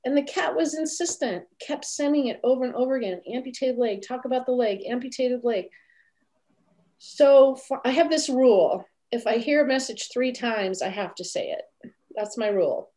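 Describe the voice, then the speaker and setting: A woman guest telling a story in an interview over a video call, lively and acting out what others said. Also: high voice, moderate pace. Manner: animated, acts out quoted voices. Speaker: animal communicator guest.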